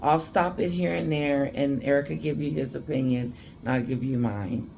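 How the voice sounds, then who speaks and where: Late at night, sleepy and a little tipsy after drinks, a woman rambles drowsily through a casual vlog while reacting to news clips. Her very deep, gravelly voice is dark and steady at a normal pace, with a bit of hiss or hum.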